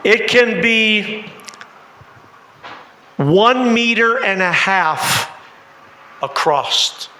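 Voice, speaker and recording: A man's voice: sits high, lively intonation, extremely slow, pauses often, pushed and bright, roomy sound, in a large hall. A man missionary preaching a sermon, telling a story dramatically and asking the congregation questions. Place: church.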